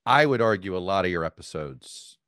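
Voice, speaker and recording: A man hosting an interview, his voice pitched fairly low. The sound is close and dry, with no room around it. He argues his points in a relaxed, chatty way. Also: fairly quick, dry recording. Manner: conversational, argumentative, leans on asides like "you know" and "right?". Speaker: podcast host. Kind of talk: casual interview conversation.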